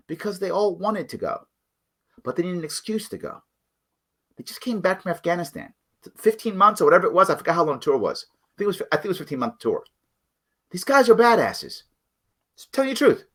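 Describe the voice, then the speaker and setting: A man's voice: high voice, very animated, fairly quick, long pauses, a bit bright. A middle-aged man hosting a livestream political commentary show, talking bluntly and emphatically straight to his viewers.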